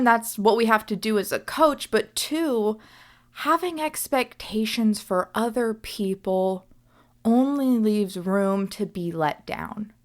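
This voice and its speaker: A woman's voice: on the high side, a bit bright. A young woman hosting a reflective solo podcast as a coach, speaking earnestly and often checking in with "right?".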